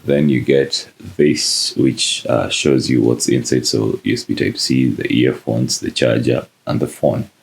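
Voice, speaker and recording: Male tech reviewer, very low and gravelly, casual unboxing talk with lots of fillers. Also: measured pace, hardly any pauses. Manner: relaxed, many "uh" fillers.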